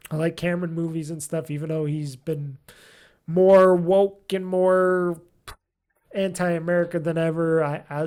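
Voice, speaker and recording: This solo gaming podcast host has a fairly high, creaky, mellow voice. His casual, rambling chat is peppered with ums and swearing as he hunts for names.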